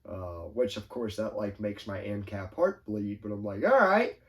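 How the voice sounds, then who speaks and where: Rambling man on a podcast. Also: on the low side. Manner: rambling, animated, quick asides and quoted voices. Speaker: podcast host. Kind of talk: casual chat.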